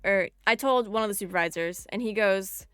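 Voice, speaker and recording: A young woman streaming live, telling a story in an animated, chatty way with lots of "like". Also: mid-range voice, fairly quick, smooth, no echo, soft background music.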